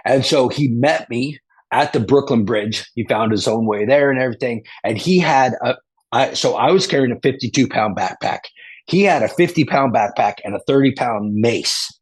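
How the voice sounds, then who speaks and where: A man's voice: mid-range voice, moderate pace, slightly rough. A man as a guest, telling a rambling story with lots of restarts and casual slang like "dude" and "bro".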